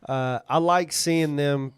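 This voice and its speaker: A man's voice: on the high side, steady tone, slow pace, clear, resonant tone, dry recording, clean studio sound. A man co-hosting a podcast, chatting casually and adding wry, joking asides. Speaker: podcast co-host. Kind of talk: casual chat.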